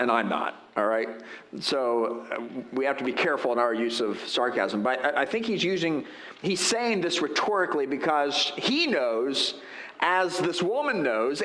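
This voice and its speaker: Pastor, male, fairly high bright voice, chatty preaching with asides, roomy church sound. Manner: conversational preaching with rhetorical asides. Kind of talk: sermon. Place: church sanctuary.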